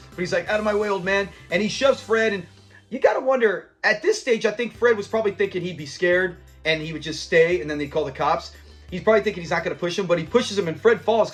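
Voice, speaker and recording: A man hosting a show review channel, chatting casually as he retells a sitcom episode, quoting lines in character and laughing often. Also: sits high.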